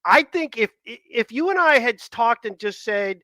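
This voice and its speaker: A man hosts a laid-back sports talk show, rambling from one thought to the next. His voice sits high and sounds bright and forward. It is recorded close and dry, with no room sound. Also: animated, unhurried, no echo. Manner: rambling, chatty, laughs often. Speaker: podcast host. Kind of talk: casual sports chat.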